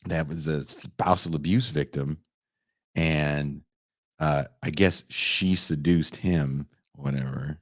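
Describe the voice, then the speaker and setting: A young man hosting a podcast, retelling a movie in casual, profane chat and putting on quick voices for its characters. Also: extremely low pitch, dry recording, studio quality. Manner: profane, animated storytelling with put-on character voices. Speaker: podcast host.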